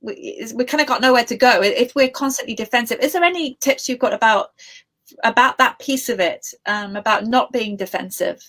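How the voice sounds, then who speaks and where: A woman's voice: fairly high pitch, fairly quick, fairly bright tone. A woman interviewer who thinks aloud, often restarting her sentences. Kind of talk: conversational interview.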